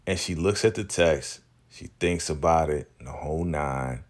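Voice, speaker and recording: A man's voice: very deep voice, a little slow. A man giving a casual, slangy recap of a TV episode, acting out what the characters say. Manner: laid-back and slangy, acts out characters' lines. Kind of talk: casual spoken recap commentary.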